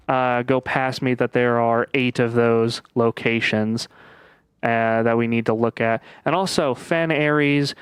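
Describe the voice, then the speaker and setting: A man giving casual let's-play commentary as he plays a puzzle game, thinking aloud with frequent pauses and fillers. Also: medium pitch, clean tone, dry recording. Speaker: gaming video creator.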